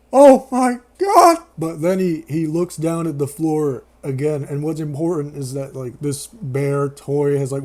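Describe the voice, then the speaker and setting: A man's voice: mid-range voice, warm tone. A young man giving a casual, sarcastic, profane rant as a movie reviewer, laughing often.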